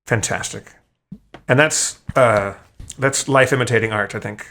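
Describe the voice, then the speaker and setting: A man co-hosting a podcast, telling stories in casual chat, profane and animated, stumbling over his restarts. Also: medium pitch, measured pace. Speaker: podcast co-host.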